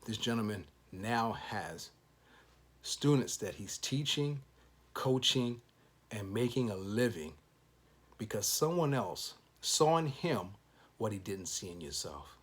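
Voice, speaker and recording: A man with a husky, slightly rough voice hosts a motivational talk show. He speaks in an upbeat, encouraging way and closes his thoughts like a preacher offering blessings. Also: fairly low pitch, lively intonation, takes it slowly. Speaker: show host.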